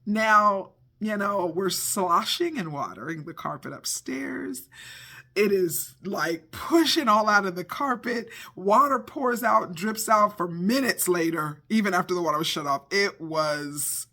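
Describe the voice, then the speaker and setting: A middle-aged man giving a devotional talk, telling a story in an animated, expressive way and acting out the scenes. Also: high voice, measured pace. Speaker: devotional speaker.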